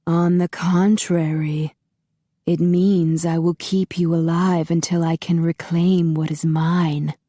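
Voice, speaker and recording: A woman voicing a cold, commanding masked male vampire overlord who speaks in a slow, muffled, measured way. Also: lowish voice, flat delivery, dark tone, no room sound, clean studio sound.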